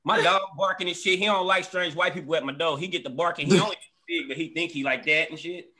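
A high, bright-voiced man hosts a comedy show, swearing freely and acting out his household in animated stories. His delivery is loud and lively. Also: fast. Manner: profane, animated storytelling that acts out family members. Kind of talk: stand-up storytelling. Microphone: live stream.

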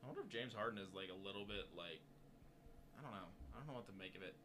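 A man's voice: lowish voice, lively intonation, very fast, pushed and bright, a little hiss or hum. A man co-hosting a casual sports talk show, easygoing and joking. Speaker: podcast co-host.

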